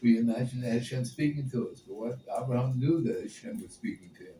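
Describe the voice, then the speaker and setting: A man in a class discussion, asking searching, drawn-out questions. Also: medium pitch, warm tone. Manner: searching, builds long questions. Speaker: class participant. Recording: roomy and distant with faint background noise.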